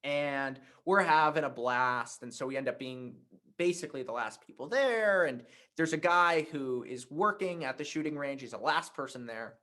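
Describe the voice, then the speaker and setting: A man teaching a writing workshop, telling a personal anecdote in a conversational, animated way. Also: on the high side, normal speed. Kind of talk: workshop talk with storytelling.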